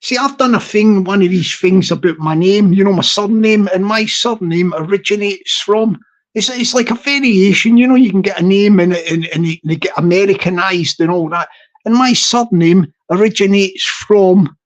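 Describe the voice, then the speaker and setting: Man, fairly high voice, casual rambling chat, playful, stretches out place names. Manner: playful, self-amused, drawn-out place names, frequent laughs. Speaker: YouTube streamer chatting with viewers.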